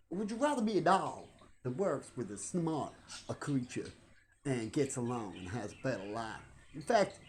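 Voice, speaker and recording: A man's voice: fairly high pitch, darkish tone. A man, rambling through a casual vlog monologue full of rhetorical questions. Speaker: vlogger.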